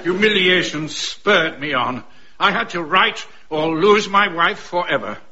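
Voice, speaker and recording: A man's voice: high-pitched, lively intonation, measured pace, sharp tone, breathy edge, muffled recording, heavily acted. A man narrating his own misfortunes with grand, theatrical sorrow, as a scripted comic narrator. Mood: mournful.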